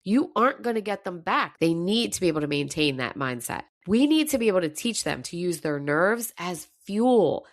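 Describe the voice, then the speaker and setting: A woman's voice: lowish voice, dry recording, clean studio sound. A woman coach giving a fired-up motivational talk, her voice slightly scratchy. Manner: emphatic, fired up. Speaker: mental performance coach.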